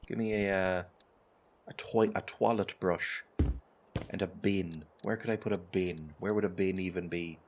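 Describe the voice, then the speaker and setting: A man chatting casually over a game, rambling and laughing often at his own asides, with music playing behind him. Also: deep voice. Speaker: gameplay video creator. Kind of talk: casual gameplay commentary. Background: background music.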